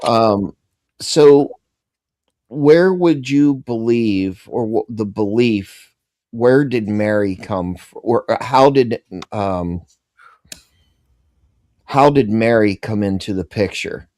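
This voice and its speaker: A man asks questions slowly in a low voice, stumbling and restarting as he goes. He hosts casual chat on a dry, close mic. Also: a little mellow, no echo. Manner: halting, stumbles over his questions.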